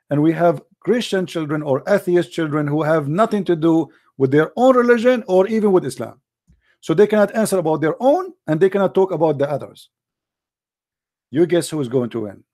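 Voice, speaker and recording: A man's voice: fairly high pitch, a little mellow. A man talking straight to his viewers with earnest urgency, in plain non-native English, sometimes repeating words as he searches for them. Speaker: online commentator. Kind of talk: direct-to-camera monologue.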